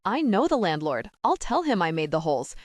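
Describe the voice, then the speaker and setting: A woman voicing an anxious, earnest teenage girl who rushes to take the blame, in a YA audiobook. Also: on the low side, big pitch swings, dry recording. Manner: frantic, pleading confessions.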